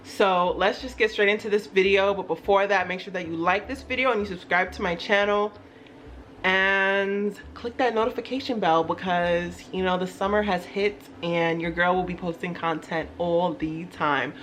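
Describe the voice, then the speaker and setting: A woman's voice: on the low side, fairly even intonation, moderate pace, a bit bright, a little hiss or hum. Young woman talking to her channel, chatty, kinda rambly and self-deprecating. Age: young adult. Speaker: YouTube host. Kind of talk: casual vlog chat.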